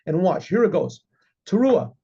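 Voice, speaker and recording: A man storyteller with a high, mellow voice and a husky, gravelly edge. He rambles through his tale with lots of "you know"s and keeps stopping to clear his throat. The recording is dull and lo-fi. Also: big pitch swings, moderate pace. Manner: rambling, with many fillers and frequent throat clearing. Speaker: rabbi. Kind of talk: storytelling talk.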